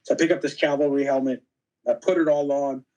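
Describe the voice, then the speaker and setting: A man's voice: mid-range voice, quick pace, lo-fi sound. A man, a guest on a podcast, telling casual anecdotes and acting out what other people said, with plenty of "you know.". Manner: animated anecdotes, acting out quoted dialogue; frequent fillers like "you know". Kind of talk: casual storytelling interview.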